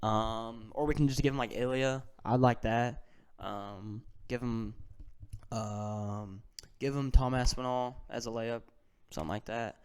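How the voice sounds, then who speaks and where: A young man talks through fight results in a loose, slangy rant, dropping to mutters and then flaring into loud outbursts. His voice is smooth and clear at a middling pitch. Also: measured pace. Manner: excitable, ranting, slangy, swings from mutters to shouts. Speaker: MMA fan vlogger. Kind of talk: casual fight breakdown.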